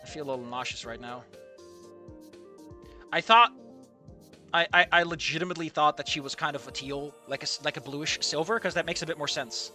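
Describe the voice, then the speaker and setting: A young man streaming a game and ranting, excitable and swearing, jumping from loud outbursts to low muttering. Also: brisk, soft background music. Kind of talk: live reaction commentary.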